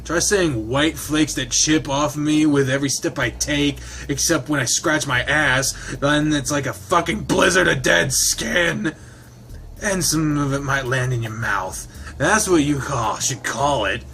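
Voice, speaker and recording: A man's voice: fairly high pitch, unhurried, pushed and bright, a little hiss or hum, heavily acted. A man reading a visual novel aloud, voicing a crude, irritable lizard man who swears and mocks his friends. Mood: gruff teasing. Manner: swearing, gruff, mocking.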